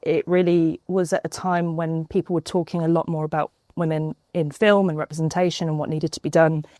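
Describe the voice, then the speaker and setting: A woman's voice: sits low, flat delivery, fairly quick, warm tone, no echo. A woman film critic speaking as a guest, open and reflective. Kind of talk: interview answers.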